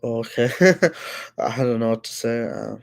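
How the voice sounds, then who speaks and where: A man's voice: mid-range voice, takes it slowly, vocal fry. A man hosting a casual livestream, talking to his chat with lots of fillers and scolding trolls. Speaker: livestream host.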